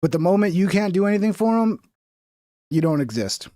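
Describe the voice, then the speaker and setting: A man with a high voice talks to his livestream viewers as he reacts to clips. He mocks the people in them and swears freely. His pitch swings widely, and the close mic leaves little room sound. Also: brisk, dry recording. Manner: animated, mocking, swears freely. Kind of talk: casual profane reaction commentary.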